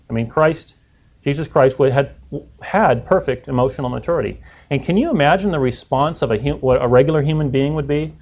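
A man preaches a sermon in a conversational style, putting rhetorical questions to his listeners. His voice is fairly high in pitch with a darkish tone, captured on a dull lo-fi recording.

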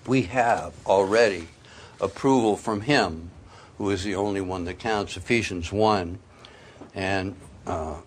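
A man preaching a sermon, telling his own conversion story in a folksy way, swinging from quiet asides to loud, emphatic peaks. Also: deep voice, unhurried, slight background noise. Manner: folksy, sprinkles in "you know" and "man". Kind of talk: sermon with personal testimony.

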